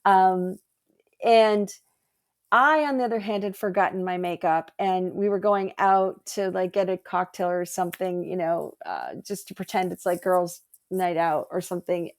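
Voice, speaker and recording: A middle-aged woman chatting as an energy healer guest. She tells her stories with animation, jumping up in pitch when she quotes herself and others. Her talk is loose and casual, full of fillers. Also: normal speed. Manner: animated, acts out quotes in a higher voice. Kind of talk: casual storytelling chat.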